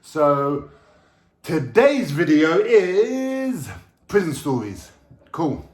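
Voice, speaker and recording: A man's voice: a little high, very animated, very slow. A man telling stories casually to camera at home, rambling and slangy, swearing freely. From London. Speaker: vlogger. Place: at home, indoors, with a dog. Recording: echoey room.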